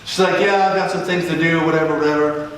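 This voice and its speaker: A middle-aged man preaching a sermon as a joking, animated storyteller who acts out the dialogue. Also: fairly high pitch, quick pace. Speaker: pastor. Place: large church hall. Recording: echoey church hall from a distance.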